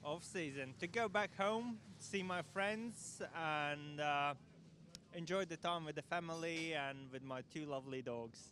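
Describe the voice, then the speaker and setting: A man giving a brief, halting answer. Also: on the high side, a bit bright, a little hiss or hum.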